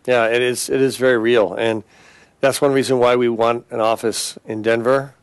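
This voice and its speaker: A man's voice: mid-range voice, fairly even intonation, normal speed, smooth, no echo. A man speaking as an interview guest, earnest and listing his points steadily. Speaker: guest, attorney organization leader. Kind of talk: casual interview chat.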